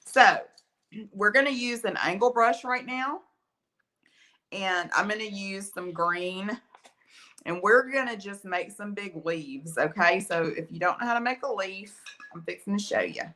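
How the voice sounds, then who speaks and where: An unhurried woman with a mid-range, pushed and bright voice teaches art in a chatty, folksy live painting tutorial. Her accent is Southern US from Alabama, and a slight cough lingers after her illness.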